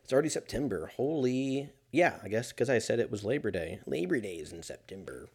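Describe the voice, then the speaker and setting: A man's voice: mid-range voice, expressive, a little fast, gravelly, breathy edge. A man talking alone in a casual monologue as a podcast host, rambling and swearing and often laughing.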